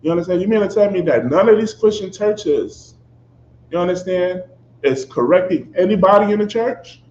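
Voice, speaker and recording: This preacher sounds animated at a moderate pace, his fairly high voice shifting from loud outbursts to low asides during a fiery, confrontational sermon. He hammers points home emphatically and constantly asks "you understand?" The dull recording comes from an echoey room, with faint ambience and a little hiss or hum.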